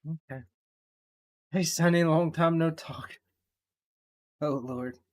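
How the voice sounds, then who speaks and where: A man's voice: fairly high pitch, steady tone, takes it slowly. A man hosting a reaction video, talking in blunt, mocking, heavily sworn casual commentary and laughing at the clips.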